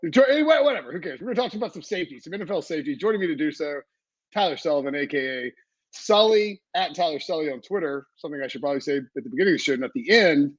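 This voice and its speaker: A man hosting a podcast in casual chat, rambling and energetic, with lots of fillers and restarts. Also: on the high side, racing, slightly rough, highs cut off. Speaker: podcast host. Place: home setup away from his usual room.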